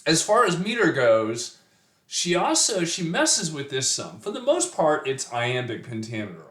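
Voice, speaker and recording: A middle-aged poetry teacher thinks aloud about a poem's meter and rhyme, loosely and casually, with lots of fillers and restarts. His medium-pitched voice is very animated, unhurried and fairly bright, and the room is reverberant.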